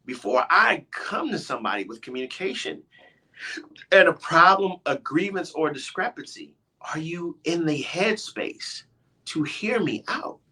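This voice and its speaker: A middle-aged man hosts a radio talk show with a husky, bright edge to his voice. His pitch swings widely as he presses his point. He often stops himself and starts again. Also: unhurried. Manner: animated, emphatic, often interrupting himself. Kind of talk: heated casual debate.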